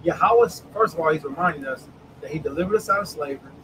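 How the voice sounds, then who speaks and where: Animated high-voiced male preacher. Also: noisy background. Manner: animated, calls on listeners by name, reads scripture slowly. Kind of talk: online Bible study sermon.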